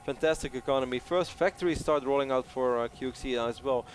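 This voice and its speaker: A man's voice: mid-range voice, a little fast, a little hiss or hum. Upbeat male esports caster. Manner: upbeat, jokey, laughs often. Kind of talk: play-by-play game commentary.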